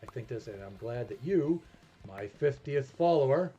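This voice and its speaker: A man's voice: mid-range voice, lively intonation, normal speed, dark tone, highs cut off. A man with a New England accent chatting casually while streaming a game, thinking aloud and poking fun at himself. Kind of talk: casual gameplay commentary. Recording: music playing behind.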